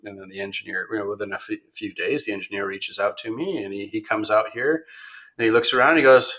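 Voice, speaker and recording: Casual storytelling from a man with a low, bright, forceful voice. He rambles through his story with plenty of ums and restarts. He livens up whenever he quotes someone else. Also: fast talker. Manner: rambling, many ums and restarts, animated when quoting others. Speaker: podcast guest, machine shop owner.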